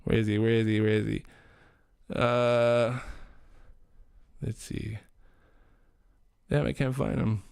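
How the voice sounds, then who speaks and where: A man's voice: lowish voice, flat delivery, slow pace, gravelly, long pauses, darkish tone, smooth. A man hosting a livestream, chatting casually slang, swearing and rambling. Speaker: livestream host.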